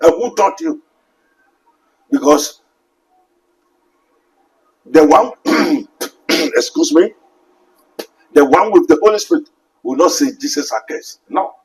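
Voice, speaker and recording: A man's voice: on the high side, expressive, slow pace, long pauses, low-quality recording. A man with a Ghanaian English accent preaching a sermon, quoting scripture and asking rhetorical questions emphatically. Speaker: pastor.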